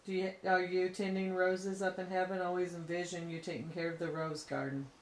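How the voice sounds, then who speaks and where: A woman's voice: fairly low pitch, little pitch movement, brisk. A woman taking part in a ghost box session who speaks tenderly and wistfully to late relatives. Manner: soft-spoken, tender, wistful. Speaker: paranormal investigation companion. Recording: echoey room with faint background noise.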